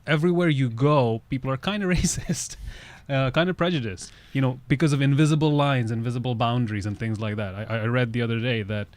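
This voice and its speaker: A man's voice: medium pitch, fairly quick, darkish tone. A man who grew up in Russia, hosting a podcast in a loose, conversational way. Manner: conversational, loose, many "you know" fillers. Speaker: podcast host. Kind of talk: casual podcast chat.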